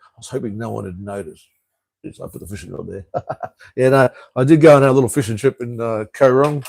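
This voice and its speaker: A middle-aged Australian man chats loosely through a live stream, answering viewers' comments in a laid-back way and swearing freely. His voice sits at an ordinary pitch, recorded dry and close with no room sound. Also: creaky, a little mellow, no room sound. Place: home in Cambodia.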